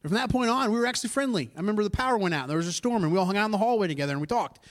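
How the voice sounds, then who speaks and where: A fairly high-voiced man preaches as if chatting with friends. He tells a personal story in a lively, conversational way, throwing asides to the congregation. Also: racing. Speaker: pastor. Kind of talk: sermon storytelling.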